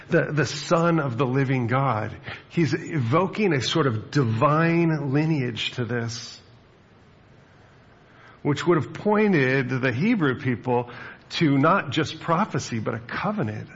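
A male pastor gives a sermon in an easygoing, conversational voice that wanders into asides. His voice is gravelly and a bit husky, and the recording sounds slightly dull and lo-fi. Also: medium pitch.

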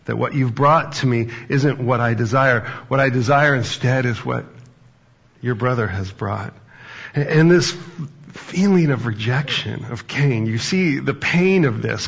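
A man's voice: mid-range voice, measured pace, gravelly, husky, dull audio. A man preaching a sermon, reading scripture and then talking conversationally with anecdotes and fillers. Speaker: pastor.

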